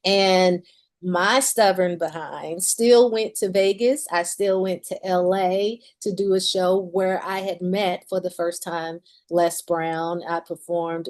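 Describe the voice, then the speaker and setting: A woman's voice: medium pitch, a little mellow. A woman in her forties, a musician and author, candidly telling a personal story in an interview and laughing often as she talks.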